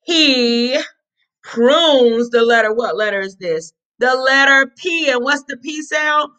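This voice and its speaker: A woman's voice: sits high, pushed and bright. A woman teacher reading a picture book aloud to young children, prompting letter sounds and praising them. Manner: encouraging, drawn-out letter sounds, sing-song prompts. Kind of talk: read-aloud phonics lesson for young children.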